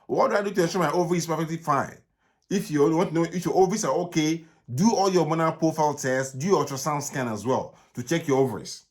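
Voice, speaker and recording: Nigerian male doctor, fairly high-pitched, fielding live questions, brisk and repetitive. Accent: Nigerian English. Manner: brisk, repetitive advice with frequent "okay?". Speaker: gynaecologist answering live viewer questions. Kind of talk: live Q&A stream.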